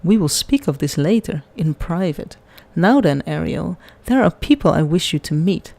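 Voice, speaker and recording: Cold, formal wealthy patriarch, read by a woman; mellow, commanding delivery. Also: fairly low pitch, expressive, normal speed, creaky. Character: cold, stern wealthy older man.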